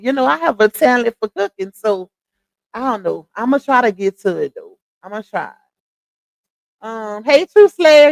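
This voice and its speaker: A woman's voice: fairly high pitch, darkish tone, dry recording. A young woman with a Louisiana Southern accent, chatting casually with her livestream viewers and laughing often. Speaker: livestream host.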